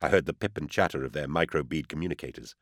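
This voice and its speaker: A man reading a first-person audiobook in a measured, tense narrating manner. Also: a bass voice, no room sound. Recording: dry close studio sound.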